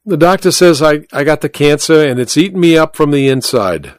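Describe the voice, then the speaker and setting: A man voicing a dying small-time male crook, raspy and fatalistic, in a spoken noir story. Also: on the high side, animated, a little fast, no echo, studio quality, natural voice. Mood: weary.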